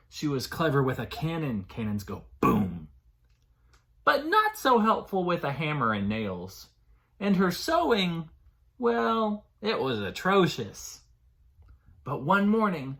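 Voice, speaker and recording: Male librarian, preschool story time, animated sing-song reader. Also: a little high, slow pace. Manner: animated, sing-song reading to small children. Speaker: children's librarian.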